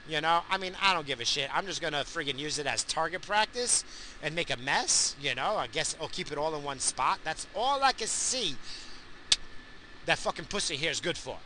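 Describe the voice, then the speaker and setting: Ranting vlogger type, man in his 40s, piercing bright tone, pitched a touch high, crude and loud, talking from his car. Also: animated, moderate pace, a little hiss or hum. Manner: crude, ranting, yells at other drivers. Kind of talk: casual profane rant. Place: inside a car.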